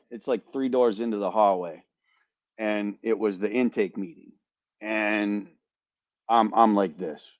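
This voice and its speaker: An animated man tells a story on a casual podcast, swearing freely and stumbling over repeated words. His voice sits at an ordinary pitch. The recording is dry and a little dull, like a lo-fi mic. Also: no echo. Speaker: podcast host, veteran.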